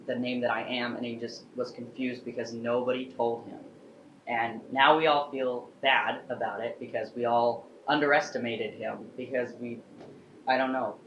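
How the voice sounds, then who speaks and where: A man's voice: mid-range voice, a bit bright, slight background noise. A young man telling a personal story in a casual, earnest and heartfelt way. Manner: earnest, heartfelt, acts out quotes. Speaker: vlogger. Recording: echoey room, dull lo-fi sound.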